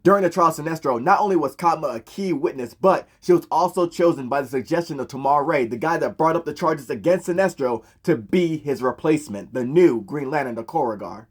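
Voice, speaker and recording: Slangy, profane man retelling comics. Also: a little high. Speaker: host. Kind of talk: comic book commentary.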